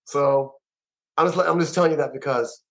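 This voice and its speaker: A man, a musician and producer, telling stories in an interview with an emphatic, animated way of talking and lots of repeated words. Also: fairly high pitch, normal speed, poor audio. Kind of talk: storytelling interview.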